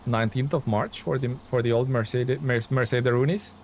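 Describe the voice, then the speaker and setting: Excitable man chatting on a game stream. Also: medium pitch, fairly quick, a little hiss or hum. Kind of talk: casual live-stream chat while playing.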